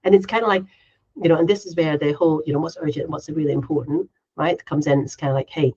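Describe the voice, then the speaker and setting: A woman's voice: deep voice, steady tone, quick pace, darkish tone, husky, lo-fi sound. A woman co-hosting a casual podcast chat. She talks in a chatty, running way, tags her sentences with "right?", and acts out her own inner voice in little quotes. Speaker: podcast co-host.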